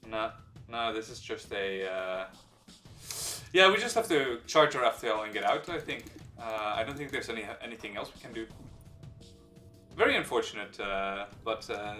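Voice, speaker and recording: Male streamer at mid pitch talking through his game moves, captured off-mic in an echoey room with soft music underneath. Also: normal speed. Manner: explains game mechanics while thinking aloud; relaxed, hesitant with many fillers. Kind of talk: live gameplay commentary. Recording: roomy sound from a distant mic, faint background music.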